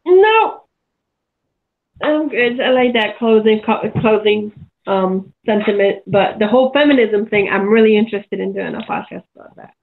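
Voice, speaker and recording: Gravelly woman on a tinny phone line. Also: mid-range voice, lively intonation, moderate pace. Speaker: podcast guest. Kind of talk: casual podcast chat.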